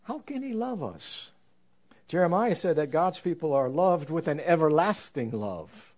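A man preaching a sermon in an earnest, reflective way, slowing down to stress scripture. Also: on the high side, lively intonation, a little mellow. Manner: earnest, reflective, with slow emphatic scripture quotes.

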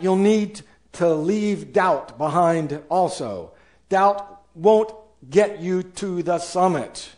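A man's voice: high voice, animated, takes it slowly, a little mellow. A man preaching a sermon as pastor, acting out doubters and angry people in quoted voices.

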